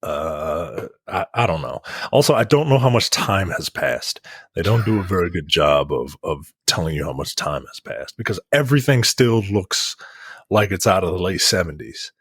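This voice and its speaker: A man's voice: deep voice, very animated, normal speed, fairly bright tone, husky, no room sound, studio quality. A man on a film review podcast, casually retelling scenes with profanity and acting out characters in exaggerated voices.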